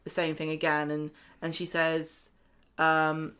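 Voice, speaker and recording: Woman, slightly low voice, animated retelling, casual podcast chat. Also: unhurried, clean tone. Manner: animated retelling, acting out characters' lines. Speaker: podcast co-host. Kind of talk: casual chat recapping a soap.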